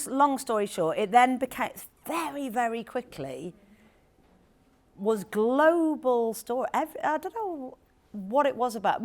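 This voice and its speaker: A woman author in conversation at a live event, telling an anecdote in a lively, animated way with quick asides. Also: on the high side. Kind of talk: storytelling talk at a live event. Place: event hall with audience.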